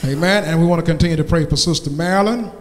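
A man preaching in a church, chanting and singing his sermon in drawn-out lines before settling into plain speech. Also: a little high. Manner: sings drawn-out lines, then speaks plainly. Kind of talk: sermon, chanted and sung in a rising preaching cadence. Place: church sanctuary. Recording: reverberant hall with faint music.

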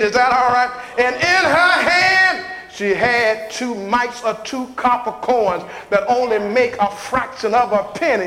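A man preaching a call-and-response sermon in a church, building into chanted shouting. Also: very high voice. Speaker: pastor. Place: church sanctuary. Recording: echoey church hall with long reverb.

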